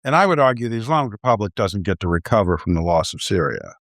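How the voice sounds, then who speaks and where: Low-voiced man analyzing with halting restarts. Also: big pitch swings, fairly bright tone, no room sound, clean studio sound. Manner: measured, halting, frequent restarts. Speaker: guest analyst. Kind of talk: policy discussion.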